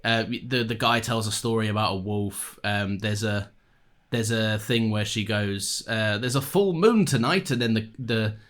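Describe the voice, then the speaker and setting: A man's voice: on the low side, level tone, a little slow, fairly bright tone. A man co-hosting a podcast in casual chat, rambling and joking, with casual swearing. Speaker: podcast co-host.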